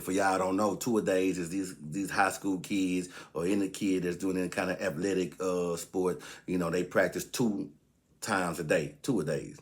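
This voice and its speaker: A man with a lowish, easygoing voice spins a comedic workplace tale. He talks casually, as if to friends. Every quoted line sends his voice climbing higher. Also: moderate pace. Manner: animated, jumps into higher voices when quoting others. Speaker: comedic storyteller.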